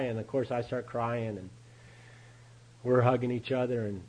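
A man's voice: medium pitch, a little mellow, slightly rough, low-quality recording. A man speaking at a recovery meeting, giving a candid personal testimony, storytelling and chuckling often.

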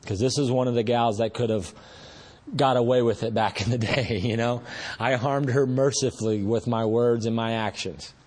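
A man's voice: mid-range voice, fairly even intonation, moderate pace, a little mellow. A man giving a personal recovery testimony at a meeting, earnest and rambling, talking in a conversational way with frequent restarts. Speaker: speaker sharing recovery story.

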